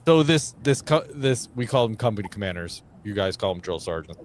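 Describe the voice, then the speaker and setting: A male veteran guest telling an army anecdote in casual chat, animated and coarse, laughing at his own stories. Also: lowish voice, brisk, a little hiss or hum. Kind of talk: casual storytelling.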